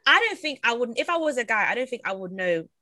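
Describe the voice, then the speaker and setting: A woman's voice: on the high side, big pitch swings, quick pace, bright, forceful tone. A young woman, co-hosting a casual podcast chat, acting out quotes and laughing often. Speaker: podcast co-host.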